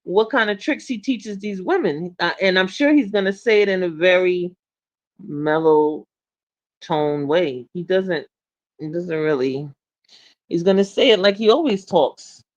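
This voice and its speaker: A woman co-hosting a casual chat show, animated and laughing, often repeating herself and restarting her sentences. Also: fairly low pitch, unhurried. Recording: dull lo-fi sound.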